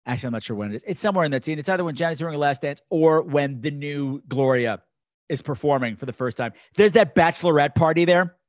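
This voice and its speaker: Animated gay man, high voice, dry lo-fi sound. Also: quick pace, no room sound. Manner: animated, launches into loud impressions of others. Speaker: podcast host. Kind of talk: casual podcast chat.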